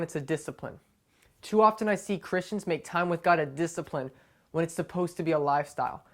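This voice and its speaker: Lady with a lower voice giving a chatty little devotional, keeps saying right?. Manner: conversational, keeps asking "right?". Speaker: devotional speaker. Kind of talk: short devotional talk to camera.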